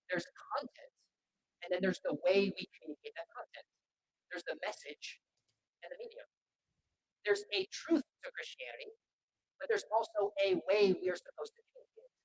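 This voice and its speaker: Animated, husky-voiced man telling stories. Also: high-pitched, no room sound, low-quality recording. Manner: animated, acts out quoted voices. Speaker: speaker at Christian schools. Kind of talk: storytelling talk to students.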